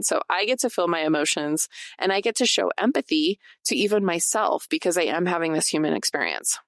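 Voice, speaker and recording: A woman with a somewhat low voice hosts a solo podcast, talking casually and directly to her listeners. She drifts between chatting and reading from her notes. The sound is dry and close, with no room echo. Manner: chatty, addresses listeners directly, laughs often. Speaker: podcast host.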